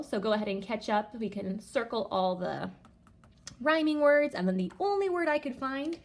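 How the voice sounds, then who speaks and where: Female elementary teacher, remote reading lesson; bright sing-song read-aloud, wide swings, slightly high register. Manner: animated, sing-song reading aloud with big excited rises.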